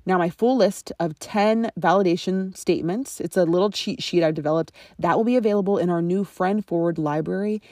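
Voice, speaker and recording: Low-voiced, mellow woman coaching podcast host. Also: fairly quick, few pauses, dry recording, clean studio sound. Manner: conversational and instructive, checks in with "okay?" and "right?". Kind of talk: solo podcast teaching monologue.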